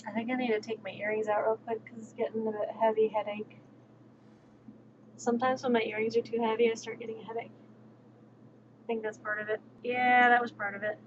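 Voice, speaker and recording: A woman livestreamer chatting casually and outspokenly while she plays, with quick, sassy asides. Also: on the high side. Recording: dull lo-fi stream audio with steady background noise.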